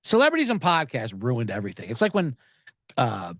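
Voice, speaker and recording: A man's voice: medium pitch, brisk, no room sound, studio quality. A man hosting a sports betting podcast, ranting sarcastically about line moves and celebrities, swearing often. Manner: animated, sarcastic, swears a lot. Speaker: podcast host. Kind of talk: profane sports betting rant.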